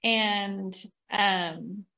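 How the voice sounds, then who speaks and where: A woman leading a group, talking in a casual, halting way with many fillers. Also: medium pitch, steady tone, gravelly, bright, forceful tone.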